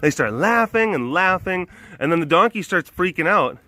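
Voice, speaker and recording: Animated, rambling man telling a fable. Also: high-pitched, normal speed, dry recording. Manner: rambling, animated, lots of fillers. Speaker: vlog host, animal keeper. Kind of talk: casual storytelling.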